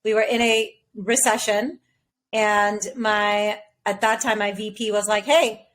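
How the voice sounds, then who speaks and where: A woman's voice: medium pitch, level tone, unhurried, fairly bright tone. A woman hosting an interview, talking candidly and casually with many fillers. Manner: chatty, candid, filler-heavy. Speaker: podcast host.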